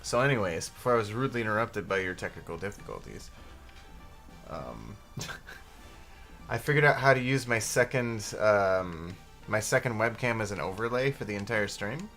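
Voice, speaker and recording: A man's voice: on the low side, lively intonation, moderate pace, fairly bright tone, faint music behind. A man streaming a game and chatting on voice chat, joking crudely and sarcastically. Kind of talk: casual gaming stream chat.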